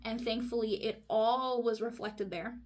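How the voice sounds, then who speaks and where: A young woman from California telling a personal story in an excitable, chatty way, full of fillers. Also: fairly high pitch, a little slow. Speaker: vlogger. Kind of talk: casual chat.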